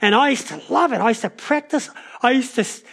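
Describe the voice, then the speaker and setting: A man preaches a sermon in a notably high voice. He tells stories in an animated way, shifting his pace and loudness as he goes. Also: fairly quick, creaky. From New Zealand. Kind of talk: sermon with personal storytelling.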